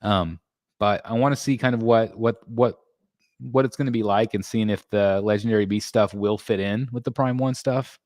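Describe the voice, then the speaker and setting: A man's voice: fairly low pitch, fairly even intonation, normal speed, a little mellow, dry recording, studio quality. A man hosting a casual collectors' livestream, reading chat messages and answering in a rambling way with many ums and restarts. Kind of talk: casual live-stream chat.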